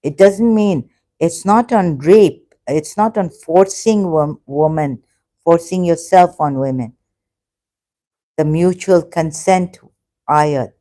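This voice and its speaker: A woman hosting a religious discussion, arguing point by point and repeating her words, often halting with restarts. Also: lowish voice, warm tone. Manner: argumentative, repeats words, then apologetic and halting. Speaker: channel host debating a caller. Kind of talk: heated religious debate.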